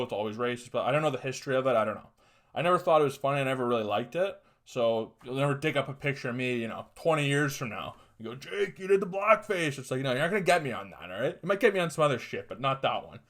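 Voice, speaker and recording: A young man hosting a podcast, talking bluntly and casually, rambling with profanity and mocking asides. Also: mid-range voice. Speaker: podcast host. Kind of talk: casual solo commentary.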